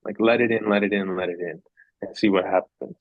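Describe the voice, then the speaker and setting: Low husky guy, earnest rambling podcast guest, dry dull sound. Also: steady tone, fairly quick, dry recording. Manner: earnest, rambling, repeats phrases for emphasis. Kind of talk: reflective casual conversation.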